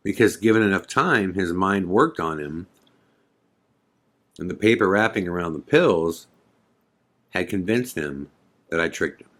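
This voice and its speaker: Deep-voiced man telling a story. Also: expressive, a little slow, pauses often, fairly bright tone. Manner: conversational, filler-heavy retelling with quoted dialogue. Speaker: podcast host. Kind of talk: casual storytelling.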